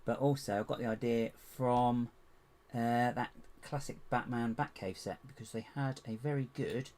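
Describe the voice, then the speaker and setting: A man's voice: mid-range voice, normal speed. Chatty man muttering while he builds. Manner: chatty, muttering to himself, self-mocking asides. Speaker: livestream host building toy bricks. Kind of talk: casual live-stream commentary while building. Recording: steady background hiss and keyboard noise.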